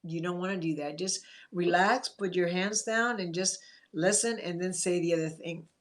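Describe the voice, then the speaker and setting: A woman's voice: lowish voice, normal speed. Chatty woman therapist coaching viewers. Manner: chatty and coaching, greets viewers by name and acts out sample replies. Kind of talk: live-streamed advice talk.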